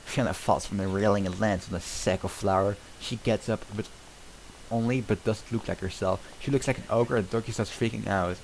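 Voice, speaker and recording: A man's voice: lowish voice, fairly even intonation, moderate pace, gravelly, a little hiss or hum, rough recording. A man streaming, casually chatting and reading script narration aloud in a loose, offhand way. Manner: loose and offhand, with filler words.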